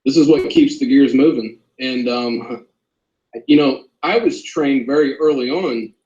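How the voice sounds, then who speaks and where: A man's voice: mid-range voice, measured pace, darkish tone, roomy sound, highs cut off. A man, a former corrections officer, speaking as an interview guest, earnest and polite. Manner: earnest, polite, addresses host as ma'am. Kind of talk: interview over a call.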